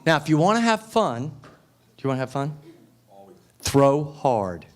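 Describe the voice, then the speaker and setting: A man's voice: fairly high pitch, sing-song, unhurried. A man giving a motivational speech at a restaurant luncheon, emphatic and repeating phrases for effect. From United States. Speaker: guest speaker. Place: restaurant event room.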